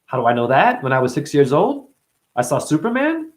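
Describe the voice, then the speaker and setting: A man's voice: on the high side, wildly swooping pitch, a little fast. A man talking as a spiritual teacher in a loose, profane monologue, playful and fond of acting out other people's voices. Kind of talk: rambling spoken monologue.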